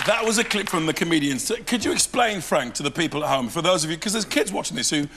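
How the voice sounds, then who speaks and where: A man's voice: a little high, lively intonation, fast talker, a faint crowd. A man guest-hosting a chat show, teasing audience members playfully. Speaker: guest host. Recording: loud studio audience and noise.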